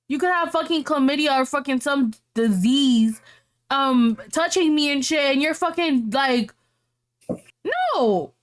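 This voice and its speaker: Woman podcast host reading posts out loud then going off, cussing a lot, kinda high voice. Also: a little slow. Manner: brash, profane, animated reactions. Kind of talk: reading and reacting to online posts.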